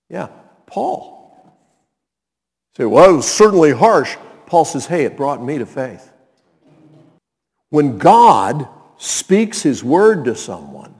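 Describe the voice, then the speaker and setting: A man's voice: medium pitch, a little mellow. A man preaching a sermon as pastor, emphatic and checking in with his listeners. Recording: long reverb in a large hall.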